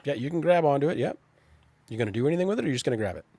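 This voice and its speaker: A man's voice: fairly high pitch, sing-song, very fast, dark tone, no room sound. A man narrating as game master of a tabletop role-playing game, casual and chatty, often restarting his sentences.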